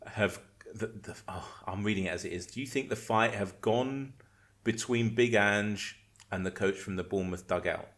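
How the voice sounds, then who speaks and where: A man's voice: fairly low pitch, moderate pace, a bit bright. A man hosting a casual podcast chat, reading out listener questions, joking and swearing, often tripping over and repeating words. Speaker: podcast host.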